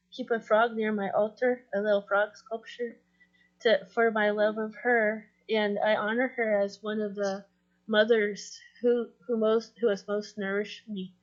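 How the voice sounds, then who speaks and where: A woman giving a memorial tribute over a video call, speaking gently with pauses and restarts. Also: mid-range voice, dull audio. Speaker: mourner giving a eulogy.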